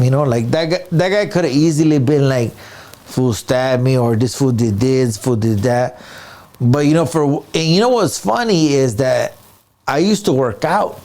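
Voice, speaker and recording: Male comedian, loose interview storytelling, slangy, acts out sounds, mid pitch. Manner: animated, street slang, sound effects, frequent "right?" and "dude"; many restarts and fillers.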